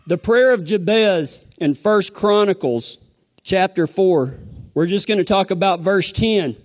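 A man preaching a sermon, telling a folksy story, then pressing his points with emphatic, animated delivery. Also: high-pitched, a little slow. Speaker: pastor.

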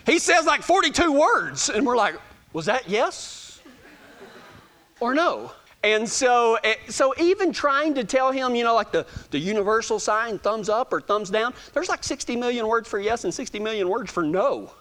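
A man with a noticeably high voice and a Texan drawl, telling stories to a live gathering. He talks in a folksy, self-deprecating way and often trips over his words and starts sentences again. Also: lively intonation, normal speed, few pauses, sharp tone. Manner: folksy and self-joking, with frequent stammered restarts. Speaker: speaker addressing a gathering. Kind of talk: casual storytelling talk to an audience.

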